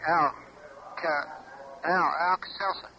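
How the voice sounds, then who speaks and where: A man making prank calls to a bar, deadpan, asking for made-up names and spelling them out. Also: on the high side, takes it slowly. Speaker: prank caller. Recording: hissy taped phone call.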